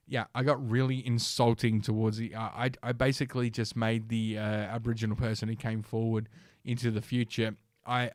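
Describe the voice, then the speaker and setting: A man's voice: mid-range voice, no echo. Aussie guy hosting a stream, swears a lot, lots of um and you know, dry sound. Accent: Australian. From South Australia, Australia. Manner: rambling, profane, with frequent fillers and restarts. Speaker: podcast host. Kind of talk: casual livestream storytelling.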